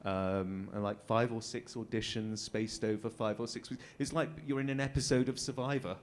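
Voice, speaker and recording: A man's voice: fairly low pitch, steady tone, normal speed. An English man talking as a guest on a convention panel, telling casual anecdotes, chatty, laughing often and trailing into fillers. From England.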